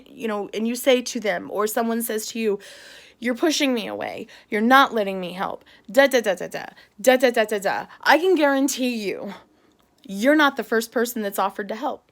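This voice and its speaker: A middle-aged woman vlogging about a hard day, tearful and upset, talking in bursts with nervous laughs. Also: on the high side. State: tearful after crying. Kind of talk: emotional personal vlog.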